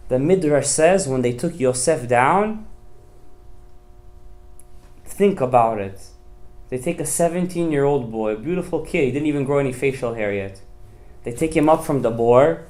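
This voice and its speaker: A man, a rabbi, giving a passionate sermon with dramatic, emphatic storytelling. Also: mid-range voice. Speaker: rabbi teaching a Torah class.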